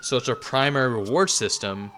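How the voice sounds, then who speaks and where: A man's voice: mid-range voice, brisk, bright, forceful tone, slight background noise. A man giving a casual spoken lecture, talking loosely with plenty of fillers and restarts.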